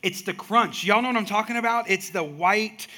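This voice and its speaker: A male pastor delivers a sermon in a high, bright voice. He tells everyday stories and builds them into emphatic outbursts. He sounds middle-aged. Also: normal speed. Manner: storytelling with rising emphatic outbursts.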